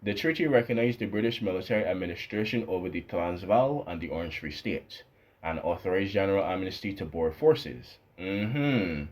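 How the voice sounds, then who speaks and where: Male history host, very deep voice, casual narration, rambling and thinking aloud. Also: lively intonation, moderate pace, a little mellow.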